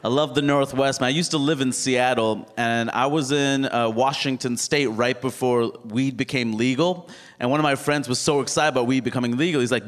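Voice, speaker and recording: A man's voice: mid-range voice, brisk, fairly bright tone. A man performing a stand-up comedy set on stage, telling stories animatedly and mimicking other people. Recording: live hall with reverb, faint noise.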